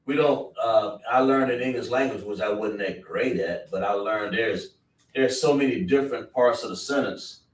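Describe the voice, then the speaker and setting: A man's voice: on the low side, normal speed. A man teaching a class in an emphatic, repetitive, scolding preaching manner, in an indoor classroom. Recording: roomy, distant mic, faint noise.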